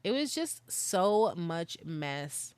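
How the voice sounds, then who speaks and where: A woman's voice: lowish voice, very animated, drawn-out words, clean tone, dry recording. A young woman hosting a podcast, telling personal stories in a casual, slangy way, swearing and laughing as she goes. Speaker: podcast host. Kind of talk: candid storytelling monologue.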